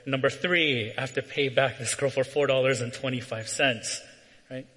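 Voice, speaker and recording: A man's voice: medium pitch, steady tone, normal speed, fairly bright tone. Man preaching in a reverberant hall. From Southern California. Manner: storytelling with frequent "right?" asides. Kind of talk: sermon with a personal story.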